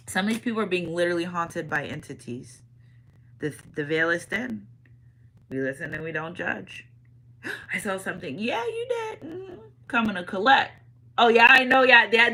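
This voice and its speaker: A woman giving a casual spiritual tarot reading, animated and repeating catchphrases, swinging between loud and hushed. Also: on the high side, rough recording. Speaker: tarot reader.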